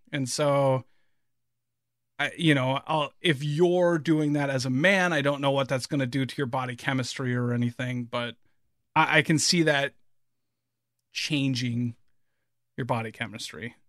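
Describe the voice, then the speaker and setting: A man's voice: medium pitch, unhurried, a bit bright, no room sound, clean studio sound. A man in his thirties chatting casually as a podcast co-host, telling stories with many fillers and restarts. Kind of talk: casual chat.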